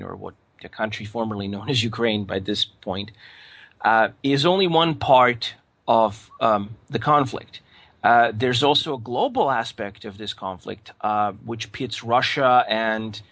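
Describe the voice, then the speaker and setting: A man giving his political opinions in conversation, hesitant with many fillers and restarts, then rising into animated emphasis. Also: medium pitch, no room sound. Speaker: political commentator.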